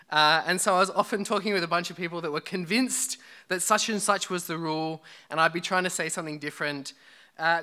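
A man's voice: a little high, bright, forceful tone. A man preaching a sermon to a church congregation, chatty and joking with the people in front of him. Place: church hall.

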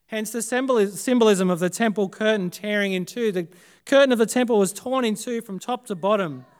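At a church service, an Australian man preaches a Good Friday sermon in a high, smooth, resonant voice. His delivery is dramatic and deliberate, swinging from loud, emphatic phrases that build up to quiet ones that fade almost to a hush.

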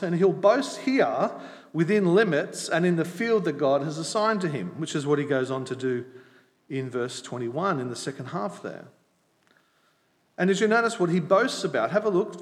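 A middle-aged man preaching a conversational sermon at an evening church service, chatty, with emphatic bursts and slowed-down points. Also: fairly high pitch, very animated. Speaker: visiting preacher. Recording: echoey church with long reverb.

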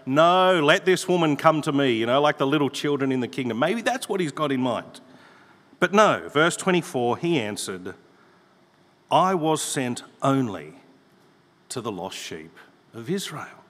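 A man's voice: medium pitch, lively intonation, normal speed, fairly bright tone. A man preaching a sermon, reading scripture aloud with emphasis. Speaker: pastor. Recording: long hall reverb.

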